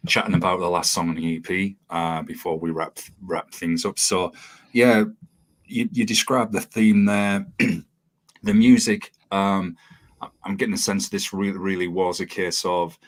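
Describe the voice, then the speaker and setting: A man hosting an interview, chatty and quick to laugh as he tells stories. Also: deep voice, steady tone. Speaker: podcast host. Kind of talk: casual interview chat.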